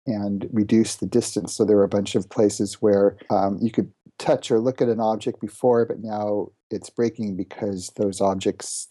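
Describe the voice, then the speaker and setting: A man's voice: on the low side, warm tone, breathy edge. A man giving a plain, matter-of-fact progress report in a casual team meeting about game development.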